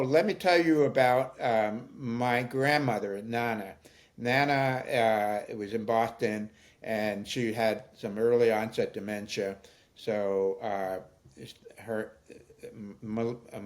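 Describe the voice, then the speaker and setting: An older man speaking as an interview guest, telling stories in a thoughtful, halting way with many fillers. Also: mid-range voice. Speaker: guest, founder of an aging nonprofit. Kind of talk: conversational storytelling interview.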